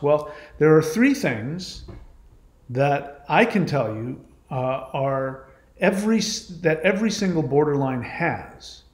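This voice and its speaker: Host, male, fairly high voice, argues his case emphatically and circles back to his points, recorded in a reverberant room. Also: darkish tone. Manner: emphatic, argumentative, repeats points. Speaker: channel host. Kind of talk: monologue responding to a viewer comment. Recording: echoey room.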